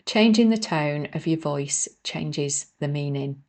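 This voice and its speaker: A woman's voice: deep voice, slow, darkish tone. A woman, reading her own self-help book aloud on her podcast and breaking off into chatty, self-deprecating asides to her listeners. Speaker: author and podcast host.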